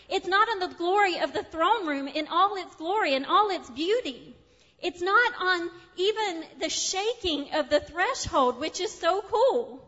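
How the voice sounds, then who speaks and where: A middle-aged woman pastor preaching a sermon, earnest and heartfelt, swinging from loud to soft and hushed. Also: very high-pitched, lively intonation, a little slow, big-room sound, lo-fi sound. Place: church sanctuary.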